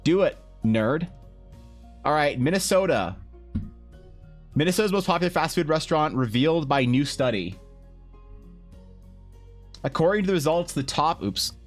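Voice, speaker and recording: A man's voice: fairly high pitch, lively intonation, normal speed, long pauses, soft background music. A man streaming while painting, trading crude joking banter with his chat. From Canada. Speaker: art streamer. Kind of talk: casual livestream chat.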